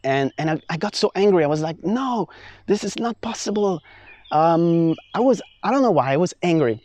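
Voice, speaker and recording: A young man from France telling a personal travel story in a casual, animated vlog, full of fillers and restarts. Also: on the high side, fairly quick. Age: young adult. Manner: animated, many fillers and restarts, acts out his own past lines. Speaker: vlogger.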